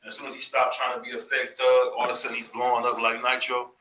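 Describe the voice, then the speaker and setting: A man from Cleveland hosting a casual boxing talk show, animated and laughing often as he repeats his points. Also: medium pitch, fast talker, reverberant, poor audio. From Cleveland, USA. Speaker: podcast host.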